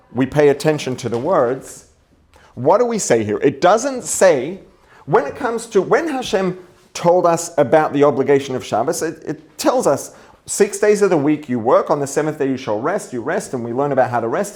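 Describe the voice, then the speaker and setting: A man's voice: mid-range voice, darkish tone. A man teaching a religious text, thinking aloud, repeating and rephrasing his points and posing rhetorical questions. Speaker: rabbi teaching Torah. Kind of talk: explaining a text to an audience.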